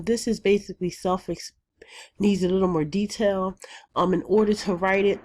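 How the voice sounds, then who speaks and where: Young woman teacher explaining a phonics chant, lots of ums, gets higher and brighter doing the chant parts. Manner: plain and methodical, with frequent ums; jumps higher and brighter when acting out chants. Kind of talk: explaining a classroom phonics routine.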